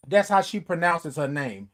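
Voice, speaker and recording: Lively, high-voiced man singing out greetings. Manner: animated, sings snatches and drawn-out greetings. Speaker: host of a morning livestream show. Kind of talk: casual chat greeting live viewers.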